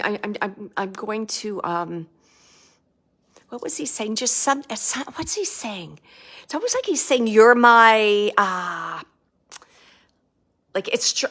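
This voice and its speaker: A woman working as a medium, relaying messages for a sitter in a halting, searching way. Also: on the high side, fairly bright tone. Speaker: psychic medium.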